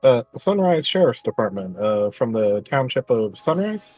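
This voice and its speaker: Man, tabletop player, halting polite speech, husky low voice, dry close sound. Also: sing-song, darkish tone, no room sound, faint music behind. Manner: halting, polite, many fillers. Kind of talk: playing a character in a tabletop game.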